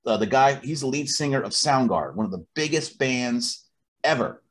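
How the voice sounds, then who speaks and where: A man's voice: medium pitch, lively intonation, moderate pace. A man co-hosting a podcast in casual chat, profane and restarting his words as he builds his point. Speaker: podcast co-host.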